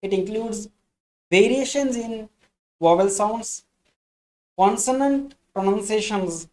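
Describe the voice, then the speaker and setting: A woman with an Indian English accent who teaches an English lesson slowly and deliberately, restating each point in new words. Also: medium pitch, mellow, low-quality recording. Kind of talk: explanatory lesson.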